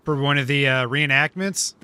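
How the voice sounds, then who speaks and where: A man's voice: medium pitch, pushed and bright, clear, resonant tone. A man chatting casually while streaming a role-play game. He laughs often and pokes fun at himself. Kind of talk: casual chat while gaming.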